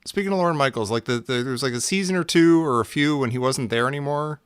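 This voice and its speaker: A man chatting casually as a podcast co-host, his voice at a middle pitch. The recording is dry and close, and he talks in a loose, chatty way, filling his sentences with "like.". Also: fast, smooth, dry recording. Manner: chatty, with many "like"s. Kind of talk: casual chat.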